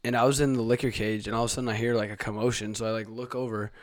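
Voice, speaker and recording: A man's voice: medium pitch, level tone, racing, no echo, clean studio sound. A young man telling a rambling, profane bar story in casual chat. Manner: rambling, profane, trailing asides. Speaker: podcast co-host, bartender.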